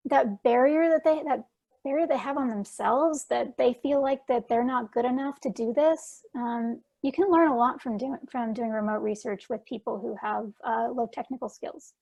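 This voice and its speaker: At a casual online conference Q&A, a woman answers questions as a guest speaker, chatting freely with lots of fillers and restarts. Her voice is high and her speed normal.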